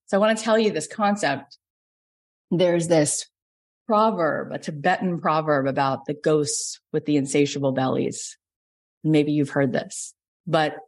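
A woman in her forties from Florida, a business coach telling personal stories in a lively podcast talk. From Florida, USA. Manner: lively storytelling, jumps up in pitch for quoted dialogue.

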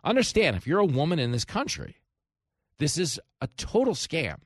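A man, hosting a talk radio show with animated, sarcastic commentary. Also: a little high, normal speed, husky, dry recording, clean studio sound. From New York.

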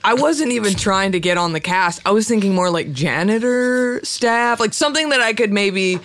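A man's voice: high-pitched, lively intonation, normal speed, a bit bright. A man, co-hosting a casual comedic podcast chat in a playful, joking way. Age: 30s. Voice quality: slight lisp. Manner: playful, joking, trails off into laughs. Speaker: podcast co-host.

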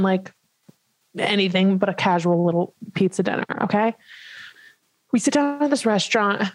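A woman in her twenties telling a funny story in casual chat as a podcast co-host, animated and full of "like" fillers. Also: medium pitch, no echo, low-quality recording. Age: 20s. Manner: animated, many "like" fillers, laughs while telling.

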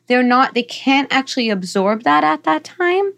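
A woman guest on a podcast, calmly explaining parenting ideas and modeling gentle phrases to use with a child. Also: medium pitch, moderate pace, vocal fry, few pauses. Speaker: psychologist guest. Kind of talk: podcast conversation, giving parenting advice.

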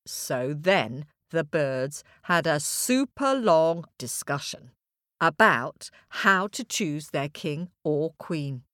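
A woman tells a fable to children, playfully asking her young listeners questions along the way. Her voice swoops up and down with lively pitch, and she takes her time over each phrase. The recording is close and dry. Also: takes it slowly, dry recording. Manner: playful, addresses children directly. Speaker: storyteller. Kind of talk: children's story narration.

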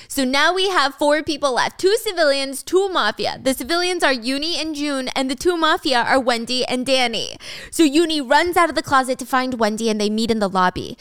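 A young woman hosting a casual show, recapping a drama with animated storytelling. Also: on the high side, normal speed, clean tone, no room sound, clean studio sound. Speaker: host.

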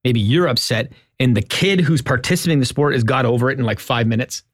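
A middle-aged man co-hosting a podcast, telling animated stories about his kids' sports in casual chat. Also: medium pitch, no echo, studio quality. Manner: animated storyteller, quick and lively. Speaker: podcast co-host.

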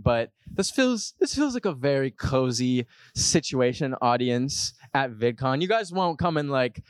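A young man hosting a podcast, telling a comic story to a live audience in an animated, jokey way. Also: moderate pace, few pauses, no room sound, clean studio sound. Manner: animated, jokey, puts on high voices for quotes. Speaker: podcast host.

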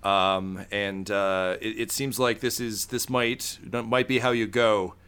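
Game master, a man with a bright, clear voice, relaxed and full of fillers. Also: on the low side, slow pace. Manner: laid-back, many fillers. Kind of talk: narrating a tabletop game. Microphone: video call.

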